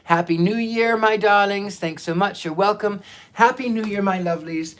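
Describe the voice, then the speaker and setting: A man's voice: high-pitched, moderate pace, a bit bright. A man hosting a psychic livestream, chatting casually and reading viewer comments in a theatrical, affectionate way, often stammering and restarting.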